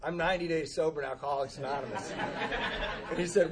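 A man's voice: fairly high pitch, moderate pace, pauses often, crowd noise. A man telling a humorous personal recovery story, acting out the dialogue and laughing often at himself. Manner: self-deprecating, laughs often, acts out dialogue. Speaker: speaker sharing a recovery story.

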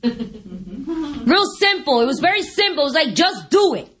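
A woman's voice: high voice, a little slow, crowd noise. A woman speaking at a recovery meeting, giving a humorous testimony and acting out the voices of people she quotes. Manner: lively, animated, acts out voices and laughs often.

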